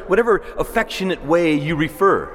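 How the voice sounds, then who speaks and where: A male priest giving a sermon in a conversational way, with asides and soft laughs. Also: on the high side, animated, moderate pace. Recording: long reverb of a church hall.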